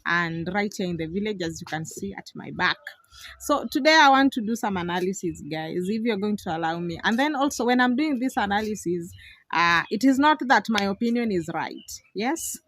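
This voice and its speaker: A young woman vlogging outdoors in a village, giving lively commentary, laughing often and repeating herself. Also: mid-range voice, fairly quick, dry recording. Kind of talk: casual vlog commentary.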